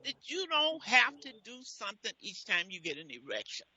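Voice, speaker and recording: A woman's voice: fairly high pitch, very animated, moderate pace, lo-fi sound, a crowd in the background. A woman hosting a radio advice show, speaking bluntly and giving frank relationship advice in a casual talk style.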